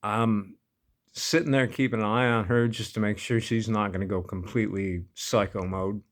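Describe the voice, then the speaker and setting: A man's voice: fairly low pitch, steady tone, normal speed. A man casually telling a personal story, laid-back and amused, often breaking into laughter. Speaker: vlogger.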